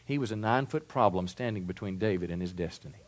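A man preaching a sermon with a wide, lively pitch that climbs on every key point. He alternates between booming declarations and softer, conversational asides, like a pastor working a congregation. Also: fast. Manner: emphatic preaching, swinging between loud declarations and quiet asides.

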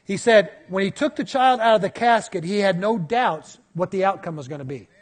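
A man in his fifties preaching a sermon, telling stories in a lively way. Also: high-pitched, a little fast. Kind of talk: sermon storytelling.

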